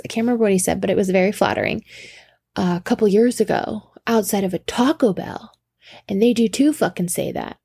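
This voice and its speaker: A woman telling a personal story in a casual, animated way, laughing often and swearing freely. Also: mid-range voice, a little fast, gravelly, husky, no echo, studio quality. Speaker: storyteller sharing a personal anecdote.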